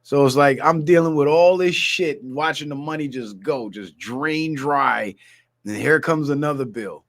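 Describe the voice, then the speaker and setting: A man's voice: a little high, normal speed. Casual, cussing male livestream host. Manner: loose, swearing storyteller, animated asides.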